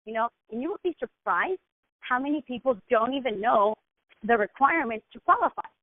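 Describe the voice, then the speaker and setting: Expressive and a little fast, a woman with a slightly high voice coaches her team through running a session over a narrow, phone-like line with no room echo. Her instruction is direct, and she checks in with "okay?" after each point.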